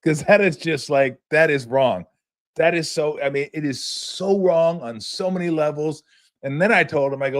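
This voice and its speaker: A man hosting his own sports podcast, telling a story in a casual, animated way, laughing now and then and restarting sentences with plenty of fillers. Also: on the high side, moderate pace. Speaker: podcast host.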